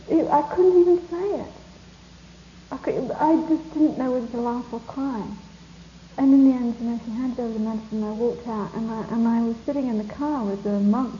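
A woman teacher giving a spiritual talk to a live audience, telling stories in a soft, reflective and hesitant way. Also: on the high side, a little hiss or hum. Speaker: meditation teacher. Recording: echoey, muffled room recording with faint ambience.

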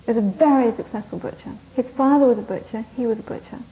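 A woman's voice: a little high, quick pace. Woman giving a rambling dharma talk. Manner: rambling, anecdotal, laughs often. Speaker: Buddhist teacher leading a course. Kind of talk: dharma talk to a retreat group. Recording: dull lo-fi recording, faint hiss.

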